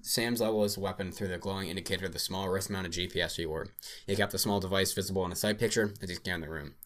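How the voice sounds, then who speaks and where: A man's voice: sits low, steady tone, quick pace, fairly bright tone. A man hosting a podcast, reading a story aloud and chatting casually, swearing and laughing easily. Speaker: podcast host.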